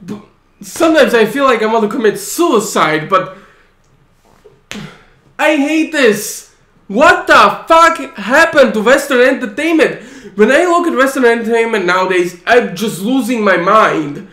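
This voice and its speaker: A man's voice: extremely high pitch, animated, unhurried, bright, forceful tone, roomy sound. A man ranting in an exasperated, profane monologue, rambling and restarting his sentences. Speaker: channel host.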